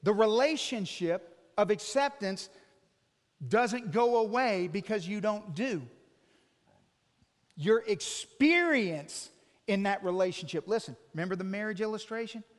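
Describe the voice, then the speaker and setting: A man's voice: high voice, lively intonation, unhurried, in a large hall. A man preaching a sermon, earnestly explaining with illustrations and putting direct questions to his listeners.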